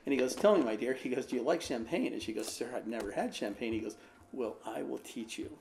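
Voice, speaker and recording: A man's voice: medium pitch, animated, fast talker, creaky, a little mellow. A man, an American pastor, telling a rambling personal anecdote in a casual way, with lots of fillers. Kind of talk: casual storytelling.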